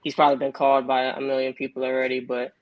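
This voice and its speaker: A man's voice: mid-range voice, completely flat delivery, quick pace, dull audio. A man from Texas making live sales calls, upbeat and slangy with a joking manner. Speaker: caller.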